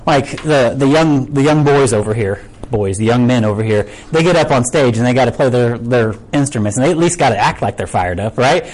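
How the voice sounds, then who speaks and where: A man's voice: medium pitch, animated, brisk, few pauses, darkish tone, low-quality recording. A man preaching a casual sermon, conversational and full of rhetorical questions. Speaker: pastor.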